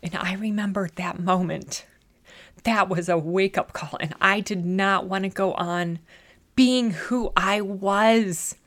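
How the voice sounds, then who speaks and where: A woman's voice: on the low side, steady tone, a little slow, a bit bright. A middle-aged woman telling a personal story as a motivational speaker, earnest and reflective, leaning on "you know" as she talks.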